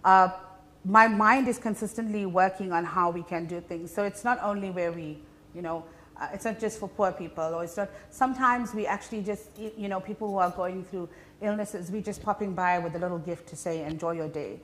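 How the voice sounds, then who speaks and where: A woman with a South African Indian English accent, a comedian being interviewed, telling stories in an animated, chatty way with many fillers. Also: fairly low pitch, a little fast, slight background noise. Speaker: comedian guest. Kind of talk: casual interview chat.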